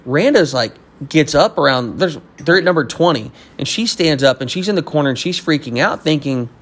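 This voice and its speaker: A young man from Texas, a business owner, telling a story in a casual, animated way and acting out the people he quotes. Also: a little high, a little fast. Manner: animated, acts out quoted voices.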